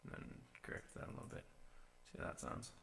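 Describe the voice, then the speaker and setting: A man's voice: quick pace, a bit bright. A man casually talking through his vocal edits on a live stream, musing to himself as he works. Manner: musing to himself, sings short takes. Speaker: streamer producing music.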